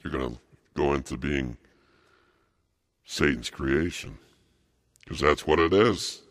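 A man with a very deep, gravelly voice preaches at a slow, dragging pace. He circles back on his own phrases, repeating them and stumbling through fillers and restarts as he rambles through his sermon. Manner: repetitive, halting, with many fillers and restarts.

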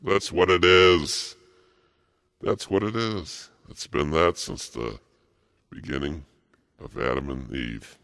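A man preaching a rambling sermon, halting and repetitive, with many fillers and restarts. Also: rumbling low, vocal fry, a bit bright.

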